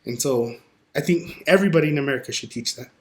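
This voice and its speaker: A man guesting on a podcast, chatting casually and telling lively stories, acting out what people said. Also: medium pitch, quick pace. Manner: animated storyteller who acts out quoted dialogue. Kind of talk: casual conversation.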